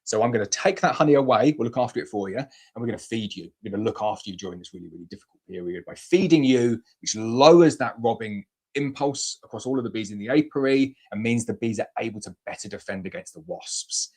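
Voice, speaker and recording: A man hosts a casual live question-and-answer show. He talks in a blunt, chatty way and acts out playful mock examples. His voice sits at an ordinary middle pitch. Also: expressive, fast, a little mellow, slightly rough. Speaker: beekeeping show host answering viewer questions.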